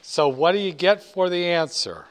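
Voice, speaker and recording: High-voiced, joking finance lecturer. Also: male voice, animated, normal speed. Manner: joking, digressive, emphatic. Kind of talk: classroom lecture.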